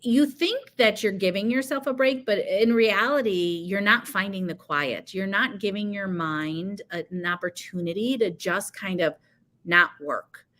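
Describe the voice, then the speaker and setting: A woman's voice: medium pitch, unhurried, fairly bright tone. A woman speaking as a guest, explaining productivity tips in a chatty, conversational way with everyday examples. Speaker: guest speaker on teacher coaching. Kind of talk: conversational advice-giving.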